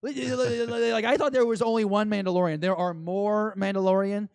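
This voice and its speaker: A man co-hosting a podcast, chatting excitedly and rambling as an eager fan. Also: sits high, normal speed, gravelly, smooth, dry recording. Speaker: podcast co-host. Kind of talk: casual chat.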